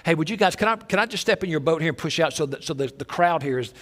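A man's voice: on the high side, lively intonation, quick pace, fairly bright tone. A man voicing a friendly teacher who casually asks fishermen for a favor, as a quoted figure in a sermon.

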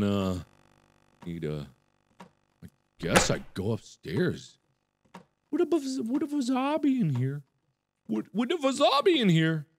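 A young man giving let's-play game commentary, swinging from muttered asides to panicked yelling. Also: on the high side. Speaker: gaming video host.

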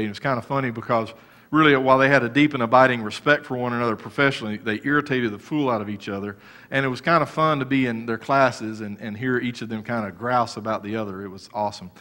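A middle-aged man preaching a sermon as pastor, telling a story with sudden loud rises and soft, low passages.

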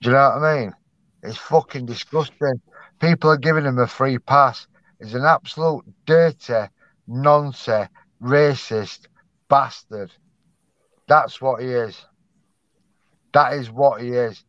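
A man's voice: medium pitch, unhurried, pauses often, fairly bright tone, dry recording, lo-fi sound. A man ranting angrily in commentary, swearing hard and often asking "do you know what I mean".

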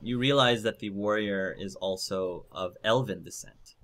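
A man's voice: on the low side, measured pace, fairly bright tone. A man narrating a tabletop game as game master, hesitant, with many fillers.

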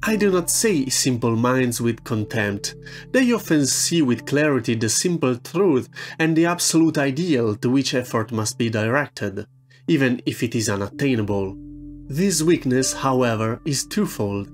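A man giving scripted narration for a video essay in a measured, reflective way. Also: medium pitch, lively intonation, faint music behind.

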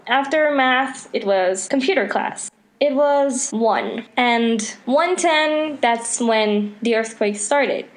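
A woman's voice: on the high side, slow, few pauses. A teenage girl from Mexico, earnestly telling a personal story about her school in a casual way. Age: teens.

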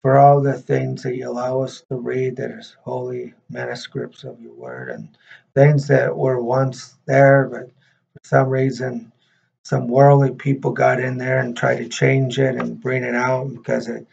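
A man, a minister and host, leading prayer and reading scripture in a halting way, repeating words with many fillers. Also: mid-range voice, level tone, creaky, a little hiss or hum. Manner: reads scripture slower and louder. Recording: dull lo-fi recording.

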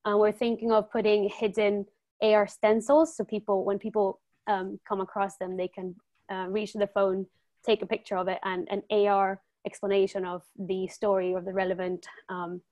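A female student presenting a campaign pitch on a video call, earnest and measured. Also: level tone, darkish tone.

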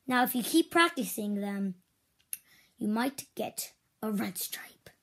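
A woman voicing a strict female toy karate teacher in make-believe play, switching between loud drill shouts and whispers. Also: on the high side, lively intonation, slow pace, heavily acted. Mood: bossy.

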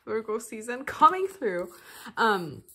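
Gushing woman with a lively, swooping voice. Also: on the high side, slow, slightly rough. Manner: gushing and excitable, with frequent gasps, laughs and "oh my gosh"; chatty and rambling, with fillers and restarts. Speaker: vlogger. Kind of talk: casual unboxing chat.

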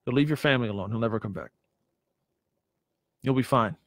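A man's voice: mid-range voice, a little fast, fairly bright tone. A man preaching a sermon, emphatic, with many rhetorical questions and repeated words.

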